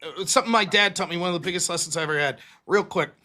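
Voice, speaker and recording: A man's voice: high-pitched, racing, pushed and bright. A young man hosting a live debate stream, talking casually and profanely, telling stories and mocking others' voices.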